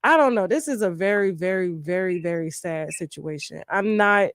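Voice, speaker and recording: A woman interviewing on a recorded call, earnest and measured, piling up phrases one after another. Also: fairly low pitch, no room sound, studio quality.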